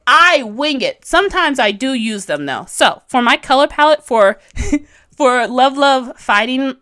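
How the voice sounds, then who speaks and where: A bubbly woman in her thirties with a high, bright-sounding voice, talking through a drawing tutorial on a livestream. She rambles, giggles often and teases herself as she answers viewers. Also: expressive, unhurried. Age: 30s. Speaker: webcomic artist streaming a tutorial. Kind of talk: casual livestream chat, reading comments.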